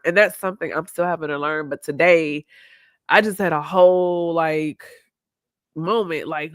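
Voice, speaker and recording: A woman's voice: fairly low pitch, fairly even intonation, moderate pace, no echo, studio quality. A woman hosting a live online talk, speaking openly and reflectively and laughing easily. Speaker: host. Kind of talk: candid live-stream conversation.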